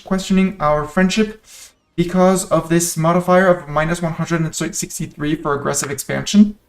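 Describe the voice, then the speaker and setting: With a fairly high-pitched voice, a man streams a strategy game and gives casual live commentary, thinking aloud and playfully addressing the nations on his map.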